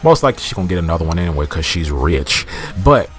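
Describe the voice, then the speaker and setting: Low-voiced man rambling through a recap. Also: big pitch swings, quick pace, soft background music. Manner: rambling, slangy, restarts often. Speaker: TV episode reviewer. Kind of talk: casual recap commentary.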